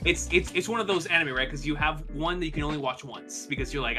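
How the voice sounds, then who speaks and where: A man guesting on a casual podcast chat, earnest and enthusiastic as he pitches. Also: quick pace, music in the background.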